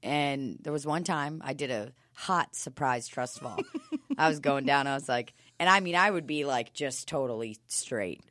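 A woman's voice: very deep voice, moderate pace, a bit bright, no echo, studio quality. A woman co-hosting a comedy podcast, with wry, offhand, profane banter.

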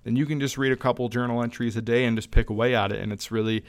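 A man's voice: mid-range voice, fairly even intonation, quick pace, no echo. A young man hosting a solo podcast, talking casually and rambling with plenty of fillers and restarts. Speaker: podcast host.

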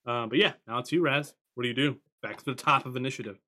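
A man narrating as game master in a tabletop game, playful and animated. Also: mid-range voice, fast, a little hiss or hum.

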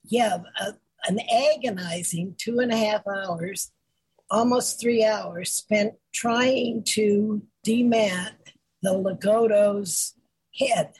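A woman dog groomer co-hosting a podcast, chatting casually in a gentle, self-deprecating way. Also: medium pitch, slow pace, breathy edge, dry recording, rough recording. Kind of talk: casual chat.

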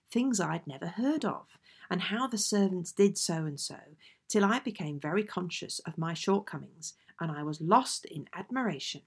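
A woman reading aloud old family letters in a measured, genteel way. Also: lowish voice, creaky. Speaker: audiobook reader.

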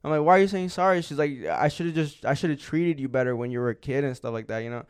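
A man's voice: medium pitch, fast, a little mellow, clear, resonant tone. A young man co-hosting a podcast, telling a long story in casual chat, rambling and swearing with lots of filler words. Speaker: podcast co-host.

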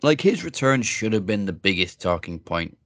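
Deep-voiced man in rambling casual chat. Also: big pitch swings, moderate pace, fairly bright tone, dry recording. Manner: rambling, many fillers and restarts. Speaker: podcast co-host.

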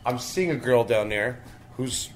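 A man's voice: mid-range voice, lively intonation, measured pace, a little hiss or hum. A man telling a crude, boastful story in casual podcast chat, swearing often. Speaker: storytelling co-host.

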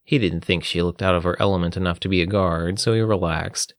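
Low-voiced male storyteller. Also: fairly even intonation, a little fast, no echo, clean studio sound. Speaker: narrator. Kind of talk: storybook narration.

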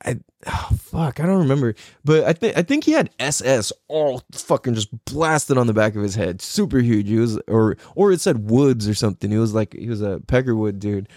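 A man's voice: medium pitch, animated, normal speed, a little mellow, dry recording, clean studio sound. A man casually telling rambling, profane stories, often laughing and mimicking other people's voices. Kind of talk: casual storytelling.

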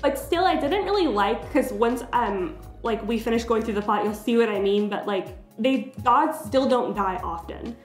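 A chatty young woman, pitched a little high, tells a game story in casual podcast chat, leaning hard on fillers like "like." The room rings with echo, and a faint music bed sits underneath. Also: lively intonation, moderate pace, few pauses. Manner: chatty, filler-heavy, laughs often. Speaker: podcast co-host.

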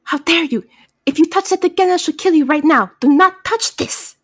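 A woman playing a furious, pompous ancient pharaoh who shouts threats. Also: very high voice, normal speed, pitched above the performer's own voice. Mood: furious threatening. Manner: shouting threats in a put-on accent.

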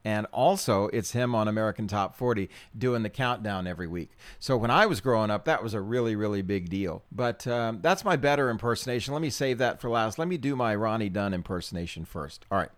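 A man's voice: lowish voice, expressive, a little fast, hardly any pauses, no room sound. A middle-aged man hosting his own podcast in a chatty, self-deprecating way, with ums and small laughs. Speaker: podcast host. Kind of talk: casual solo podcast talk.

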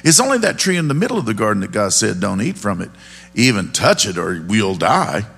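A man's voice: lowish voice, sing-song, fairly quick, gravelly, a bit bright, husky, soft background music, full character voice. A man voicing Eve, the first woman, innocent and earnest, while reading scripture in a sermon.

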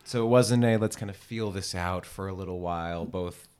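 A man's voice: low voice, moderate pace, darkish tone, clear, resonant tone. A man hosting an interview, asking probing questions and summing up his guest's points. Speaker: podcast host.

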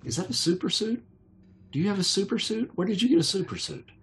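A game master voicing an excitable, flustered man who fires off incredulous questions in a much higher voice than his own. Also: fast, a little hiss or hum.

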